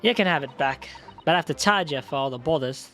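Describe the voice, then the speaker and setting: Man putting on a cocky Cockney girl, young pickpocket, raised pitch, lively, faint music. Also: fast. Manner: brash, cocky. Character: cheeky young female East End pickpocket.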